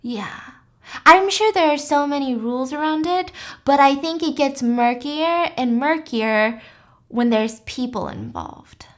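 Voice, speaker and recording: A woman's voice: sits high, a little slow. A young woman hosting, telling a true crime story in a chatty, casual way with lots of fillers. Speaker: host.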